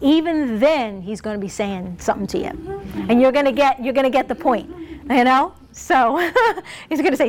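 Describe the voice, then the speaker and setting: A woman's voice: high voice, lively intonation, moderate pace. A woman preaching a sermon in a conversational way, laughing often and acting out quoted lines.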